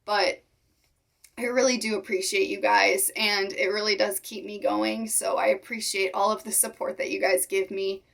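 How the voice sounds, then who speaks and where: Young woman vlogging to her followers, choked up and fighting tears, halting and sincere, mid pitch. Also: little pitch movement, creaky, a bit bright. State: holding back tears. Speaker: reptile keeper vlogger. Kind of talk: emotional personal vlog talk.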